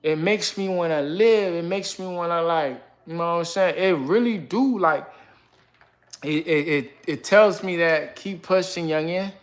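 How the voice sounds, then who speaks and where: Young male streamer, slightly high voice, loose slangy hype talk. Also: a little slow. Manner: slangy, repeats "you know what I'm saying". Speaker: livestreamer. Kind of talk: casual live-stream talk.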